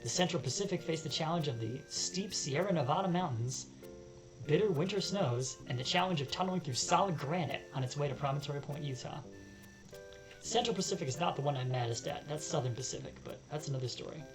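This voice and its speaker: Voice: mid-range voice, fairly quick, low-quality recording. Chatty let's-player over game music. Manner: chatty, joking asides while reading aloud. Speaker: let's play host. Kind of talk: casual game commentary.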